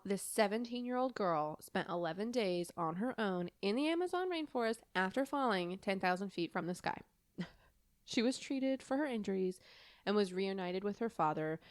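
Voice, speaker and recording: A woman recounting a story on a podcast with a bouncy, animated voice that rises and falls a lot. She rambles and laughs along the way, her words recorded close and dry with no room sound. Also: medium pitch, clean tone, no echo. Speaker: podcast co-host telling a true story. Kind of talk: casual podcast chat and storytelling.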